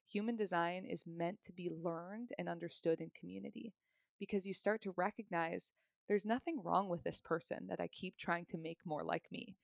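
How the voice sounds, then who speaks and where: Woman, thirties, gravelly voice, chatty explainer, dry close sound. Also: fairly low pitch, no echo. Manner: chatty and explanatory, laughs often. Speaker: podcast guest, human design reader. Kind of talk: casual podcast conversation.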